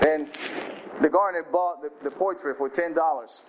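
A man's voice: fairly high pitch, fairly even intonation, fairly quick, background noise. A man preaching, telling a story and then leading a prayer, often restarting his words. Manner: storytelling, rising to raised voice for auctioneer calls. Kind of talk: sermon illustration and prayer.

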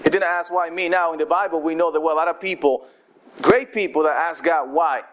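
A man preaching a sermon, telling the story lively and acting out what the people in it say. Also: a little high, a little fast. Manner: animated storytelling, acting out quoted voices.

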